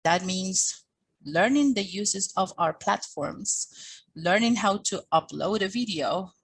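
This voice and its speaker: A woman giving a teacher training talk, speaking with lively, expressive intonation and acting out little quoted exchanges. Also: mid-range voice, slow, breathy edge, rough recording. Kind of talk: teaching workshop presentation.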